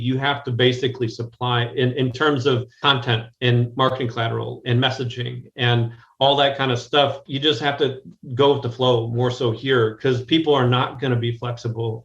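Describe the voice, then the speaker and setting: Appearing remotely from Chicago, a male guest business strategist from the United States talks in a medium-pitched, slightly bright voice. His conversational interview answers are direct yet rambling, with frequent restarts, and the sound is echoey and dull.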